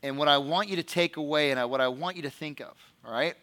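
A man's voice: on the high side, quick pace, bright, forceful tone. A man as pastor preaching a sermon, reading scripture aloud and putting questions to the congregation.

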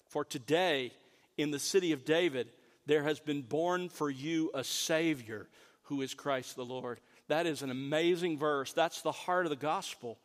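A pastor preaches earnestly in a voice a bit higher than most men's, slowing to stress the key words. A long, lingering echo fills the space like a big hall.

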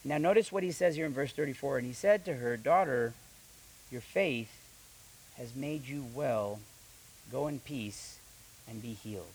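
A young man preaching a sermon with animated delivery, reading scripture and acting out the quoted voices, often repeating his words. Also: medium pitch, measured pace, pauses often, slightly rough, rough recording. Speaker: pastor.

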